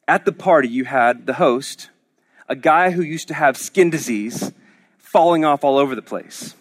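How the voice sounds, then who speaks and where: A man's voice: fairly high pitch, moderate pace. A man from Oklahoma preaching a sermon as pastor, in a conversational, joking storytelling manner with frequent restarts.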